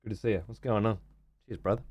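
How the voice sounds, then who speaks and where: A man's voice: on the low side, steady tone, quick pace, a little mellow, muffled recording, a little hiss or hum. An Australian man streaming a game, swearing freely and ranting in exasperation while he chats to viewers. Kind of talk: casual gaming stream commentary.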